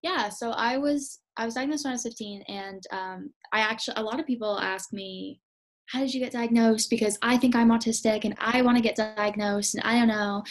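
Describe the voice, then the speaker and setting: A young woman from Canada, a podcast guest who talks in a relaxed, candid way. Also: fairly high pitch, brisk, few pauses. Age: young adult. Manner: relaxed, candid, with fillers and restarts. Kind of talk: casual interview.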